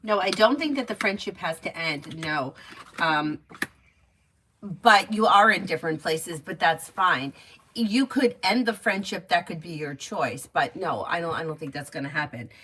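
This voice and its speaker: Chatty woman with a low, bright voice. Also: normal speed, slight background noise. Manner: chatty, laughs easily, animated storyteller. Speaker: tarot reader. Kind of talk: casual livestream chat and tarot reading. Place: at home. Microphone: phone or webcam stream.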